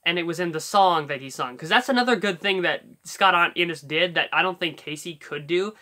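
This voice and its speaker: Casual impressions tutorial, rambling delivery, lots of fillers, bright sharp voice. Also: medium pitch, normal speed. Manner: rambling, filler-heavy, thinks aloud and corrects himself. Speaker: YouTuber teaching voice impressions.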